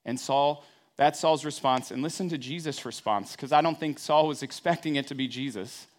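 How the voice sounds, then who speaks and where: A man's voice: a little high, moderate pace. A man, a pastor, preaching a sermon in a conversational storytelling way with wry everyday asides.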